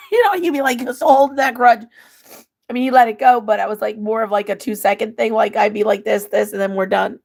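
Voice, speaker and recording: Gravelly woman livestreamer, teary and laughing. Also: on the high side. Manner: laughs and cries at once, warm to viewers. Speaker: livestream host reading chat. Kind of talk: casual emotional livestream chat.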